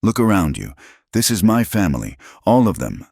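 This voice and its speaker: A man's voice: low voice, very animated, moderate pace, creaky, a little mellow, husky, no echo, studio quality, voice pushed up, exaggerated voice. A man voicing a proud, determined frontier woman who speaks firmly and defiantly in a storybook tale. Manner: firm, defiant.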